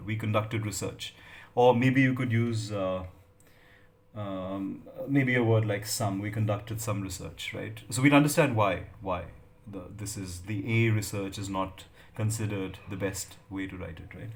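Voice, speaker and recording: A man's voice: on the low side, slight background noise. A middle-aged man, giving a lecture on academic writing with many fillers and checks of "right?". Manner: hesitant, many fillers and tag questions. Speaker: English lecturer.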